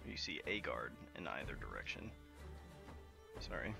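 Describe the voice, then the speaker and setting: A man running a tabletop game as game master, narrating in a relaxed, casual way full of fillers. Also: extremely low pitch, moderate pace, creaky, over music.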